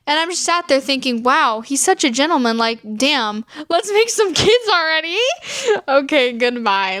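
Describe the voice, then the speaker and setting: A woman's voice: sits high, a bit bright, dry recording, clean studio sound. A woman vlogger reading viewer dating stories aloud and reacting, swearing freely and laughing often. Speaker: storytime vlogger.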